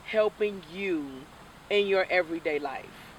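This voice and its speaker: A woman's voice: fairly low pitch, unhurried. A woman hosting an interview, asking rambling and encouraging questions. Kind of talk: casual interview. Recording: faint noise, mic at a distance.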